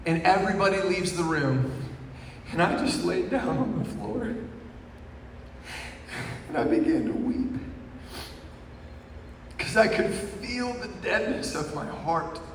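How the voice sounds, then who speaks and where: A man's voice: high voice, big pitch swings, measured pace, long pauses. Man preaching in an echoey hall. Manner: storytelling, swings from hushed to shouting. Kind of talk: sermon testimony. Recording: echoey hall from far off with faint noise.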